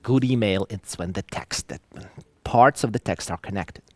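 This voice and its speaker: A man giving an online lecture, talking in an animated way with musing asides and reading examples aloud. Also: on the low side, moderate pace, no room sound.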